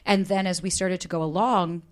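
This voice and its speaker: Animated woman telling candid dating stories. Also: lowish voice, normal speed. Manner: animated storyteller, acts out quotes, swears freely. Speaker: dating coach guest. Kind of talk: candid podcast interview.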